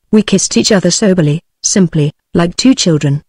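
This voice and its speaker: A text-to-speech woman's voice with a British English accent, reading a novel aloud as narrator in an even, steady way. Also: lowish voice, moderate pace, few pauses, slightly rough, dry recording. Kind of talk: synthetic audiobook narration.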